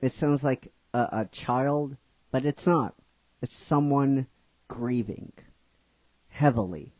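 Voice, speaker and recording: A middle-aged man tells a fan story in a loose, chatty way, stopping and restarting as he goes. He speaks slowly at a medium pitch. His voice is close and dry, with no room echo. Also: a little mellow. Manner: rambling and chatty, with many restarts and asides. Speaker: narrator of a fan script series. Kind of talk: casual spoken story narration.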